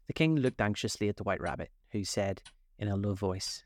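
A man narrating a children's classic aloud in a measured, expressive read-aloud style. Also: on the low side, no room sound. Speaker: storyteller. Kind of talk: scripted narration.

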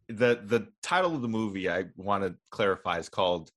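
A man's voice: fairly low pitch, animated, a little fast, hardly any pauses, fairly bright tone. A young man co-hosting a podcast, chatting casually and rambling through a made-up story. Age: young adult. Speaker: podcast co-host. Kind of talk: casual chat.

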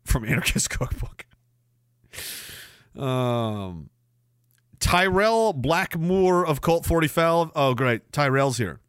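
A man's voice: fairly high pitch, sing-song, takes it slowly, long pauses, fairly bright tone, clear, resonant tone, dry recording, studio quality. Brash, sarcastic Canadian man ranting. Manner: crude, sarcastic, rambling, with frequent restarts. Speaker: livestream host. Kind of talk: casual ranting livestream monologue.

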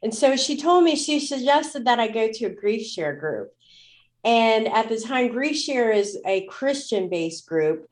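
A woman's voice: fairly high pitch, big pitch swings, unhurried. Candid woman telling a personal story. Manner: candid, emotional, many fillers. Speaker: guest.

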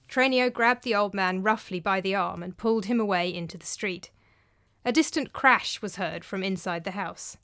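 A woman's voice: medium pitch, moderate pace, no room sound, clean studio sound. A woman narrating a storybook tale expressively. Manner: expressive, animated. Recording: faint background music.

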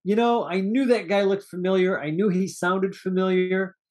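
A man with a high voice and moderate pace co-hosts a podcast. He rambles animatedly through a casual chat reviewing an old movie, swearing casually every so often.

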